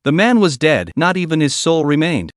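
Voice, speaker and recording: Lively male recap narrator. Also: fairly high pitch, moderate pace, no echo, studio quality. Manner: dramatic storytelling. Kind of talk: scripted narration.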